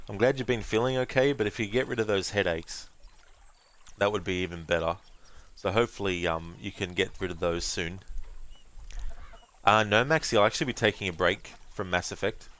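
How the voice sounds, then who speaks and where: A man's voice: fairly low pitch, normal speed, a bit bright. A man streaming a game, chatting casually and rambling to his viewers. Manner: chatty, rambling, thanking viewers, breaks into silly voices and laughs. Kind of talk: casual live-stream chat.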